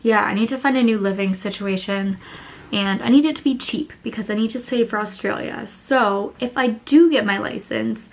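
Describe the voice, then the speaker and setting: A woman's voice: fairly high pitch, gravelly. A thirty-year-old woman chatting candidly in a casual vlog, swearing now and then. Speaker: vlogger.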